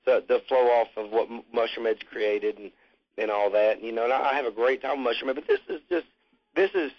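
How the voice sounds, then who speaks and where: Husky-voiced man in casual interview. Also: medium pitch, very animated, a little fast. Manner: rambling, profane, laid-back. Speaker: musician interviewee. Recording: muffled lo-fi recording.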